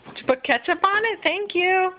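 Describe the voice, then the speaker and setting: High-pitched mom cooing at her little kid, slow sing-song, muffled hissy camcorder sound. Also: expressive. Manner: sing-song, drawn out, coaxing. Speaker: mother playing with her toddler. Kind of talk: home video, coaxing talk to a toddler. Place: at home, indoors. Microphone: home video camera. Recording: muffled home video with hiss.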